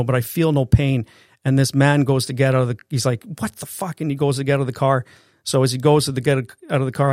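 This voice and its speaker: A man's voice: mid-range voice, vocal fry, a little mellow, no echo, clean studio sound. A man co-hosting a podcast, telling a personal story in an intense, raw way, with swearing and many restarts. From Canada. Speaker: podcast co-host. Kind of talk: personal story told in casual conversation.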